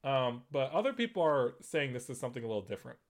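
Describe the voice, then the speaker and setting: A man's voice: mid-range voice, very animated, fast talker. A man hosting a gaming news show, talking in a loose, conversational way with lots of fillers and restarts. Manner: conversational, many fillers and restarts, laughs at points. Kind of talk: casual commentary.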